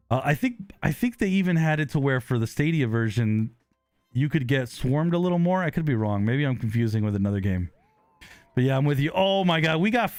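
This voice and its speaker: A man streams a live online game and chats with viewers on a close desk mic, excitable, with sudden loud exclamations and quick apologetic laughs. His voice is mid-range, with no echo.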